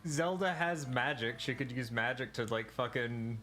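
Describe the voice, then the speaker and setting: A man's voice: medium pitch, moderate pace, bright, forceful tone, faint music behind. A young man chatting casually and joking while playing a game on a stream, swearing freely. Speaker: livestreamer. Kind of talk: casual let's-play chat.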